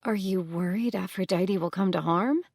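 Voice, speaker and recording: A woman's voice: mid-range voice, normal speed, vocal fry, no echo, clean studio sound. A woman voicing a young goddess heroine, earnest and direct.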